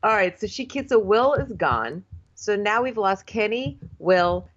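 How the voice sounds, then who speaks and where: A woman's voice: mid-range voice, expressive, unhurried. A woman co-hosting a casual recap chat, teasing and laughing easily. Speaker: podcast co-host. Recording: dull lo-fi sound.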